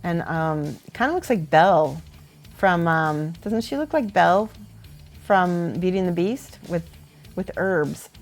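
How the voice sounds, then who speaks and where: A woman hosting a casual livestream, chatting warmly and encouragingly as she critiques painted miniatures and laughs often. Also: lowish voice, lively intonation, a little slow, faint music behind. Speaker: miniature painting host and teacher.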